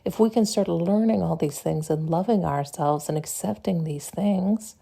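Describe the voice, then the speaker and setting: A woman's voice: on the low side, normal speed, vocal fry, dark tone, slightly rough. A woman hosting a solo podcast, talking casually and bluntly, swearing freely and often laughing as she acts out little conversations. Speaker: podcast host.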